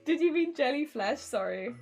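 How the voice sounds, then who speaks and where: Giggly high-voiced British woman streaming. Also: gravelly, darkish tone. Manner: giggly, chatty, often bursts out laughing. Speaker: cosplay streamer. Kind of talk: casual live-stream chat while crafting.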